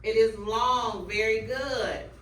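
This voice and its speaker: A woman student teacher running a phonics drill with a class, calling out words slowly and clearly. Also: on the high side, fairly even intonation, fairly bright tone, slight background noise. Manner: stretches out target words clearly. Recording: echoey room, mic far off.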